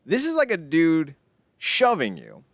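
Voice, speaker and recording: A man co-hosting a casual wrestling podcast, ranting in an animated, sarcastic way with frequent swearing. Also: fairly high pitch, a little slow, no room sound, clean studio sound. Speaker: podcast co-host.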